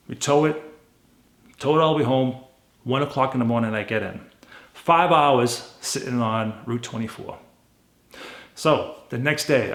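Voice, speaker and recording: A man with a gravelly, rough-edged voice tells a story casually and bluntly, acting out conversations as he goes. The sound is roomy, with a clear echo around him. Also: mid-range voice. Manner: blunt, animated retelling with quoted dialogue. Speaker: car flipper vlogger.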